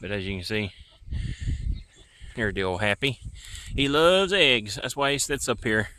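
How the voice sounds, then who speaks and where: A man's voice: on the low side, moderate pace, bright, forceful tone, a little hiss or hum. A man casually showing viewers around his rural property at night in an easygoing, rambling vlog, recorded outdoors on a handheld camera. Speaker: vlogger. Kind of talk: casual walking tour vlog.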